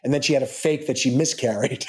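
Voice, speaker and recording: A middle-aged man, an actor, telling backstage stories in a lively way and acting out the quotes. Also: brisk. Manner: lively storyteller acting out quotes with big pitch jumps. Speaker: actor and guest. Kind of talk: animated anecdote-telling.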